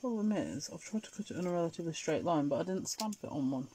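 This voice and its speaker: A woman's voice: fairly low pitch, lively intonation, quick pace, warm tone, a little hiss or hum. Chatty English-accented woman hosting crafts. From Scotland. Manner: chatty, answers viewer comments while working. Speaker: craft show host. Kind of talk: live crafting demonstration.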